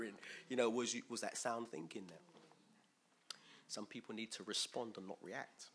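A man preaching a conversational sermon in a chatty, lively way, full of fillers and repeated words. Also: fairly low pitch, normal speed, slight background noise.

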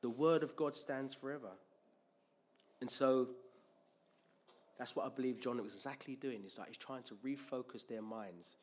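A man's voice: mid-range voice, moderate pace, pauses often. A man preaching a Bible teaching sermon, asking rhetorical questions and answering them himself, with frequent restarts and repeated words.

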